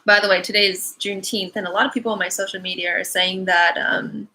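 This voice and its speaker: A woman's voice: medium pitch, fairly even intonation, fast, sharp tone, rough recording. A young woman hosting a live card-reading Q&A from her home, chatting casually and rambling with many fillers and apologetic asides. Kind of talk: casual livestream chat. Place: her home, animals around.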